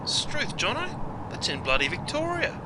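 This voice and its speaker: A man's voice: sits high, wildly swooping pitch, measured pace, very noisy, exaggerated voice. A man with an Australian accent playing a brash, blokey Australian larrikin who explains slang and says "mate" and "bloody" in every line. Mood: blustering. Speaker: slang teacher. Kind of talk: comic skit and explainer.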